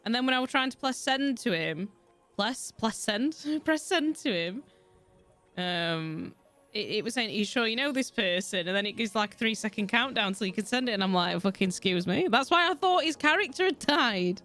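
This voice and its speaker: A young woman from Yorkshire, England, keeps up casual, rambling livestream chat as she plays, cursing freely and laughing a lot. Her voice sits on the high side, expressive and at normal speed, with soft background music.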